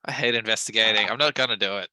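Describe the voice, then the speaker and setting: Bright blunt-talking man at the table. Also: on the low side, dry recording. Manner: blunt, quick retorts. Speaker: player. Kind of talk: casual tabletop play.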